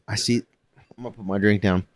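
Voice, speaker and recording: A man's voice: on the low side, steady tone, fast talker. Rambling young man telling a story. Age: young adult. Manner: rambling, restarting, eager storyteller. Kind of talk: casual drunk storytelling.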